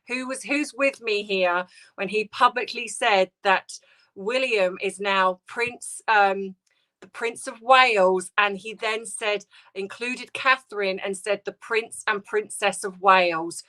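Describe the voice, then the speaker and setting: A woman hosting a live stream, grieving and close to tears, talking haltingly and greeting viewers by name. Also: medium pitch, sharp tone. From United Kingdom. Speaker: livestream host. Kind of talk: emotional casual livestream chat.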